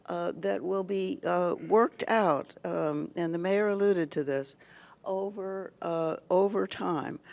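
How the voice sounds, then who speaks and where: A speaker gives a prepared address to a meeting hall, picking each word slowly and carefully. The voice has a gravelly, creaky edge, and the delivery stops and restarts often. Pitch sits in an ordinary middle range. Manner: deliberate, halting, many pauses and restarts. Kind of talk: prepared public speech.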